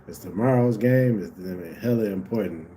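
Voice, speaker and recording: Chill dude streaming a game, slangy, lowish mellow voice, chatting to his viewers. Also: normal speed, a little hiss or hum. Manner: laid-back, slangy, talks straight to viewers. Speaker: live streamer watching a basketball game. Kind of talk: casual live-stream commentary.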